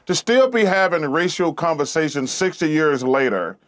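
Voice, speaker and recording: Guy in his 50s, earnest, keeps restarting his sentences, kinda high voice. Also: lively intonation, normal speed, a bit bright. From Alabama. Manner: earnest, repeats himself while searching for words. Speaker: guest. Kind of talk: earnest talk-show conversation.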